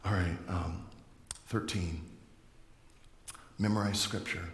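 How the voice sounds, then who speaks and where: A man's voice: sits low, steady tone, slow, slight background noise. A male pastor giving a sermon in a conversational, joking manner. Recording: echoey hall with long reverb.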